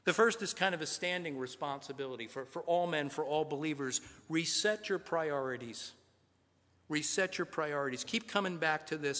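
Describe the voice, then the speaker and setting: A man's voice: fairly high pitch, fairly bright tone. A middle-aged man, a pastor, giving an earnest, conversational sermon full of rhetorical questions. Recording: long hall reverb.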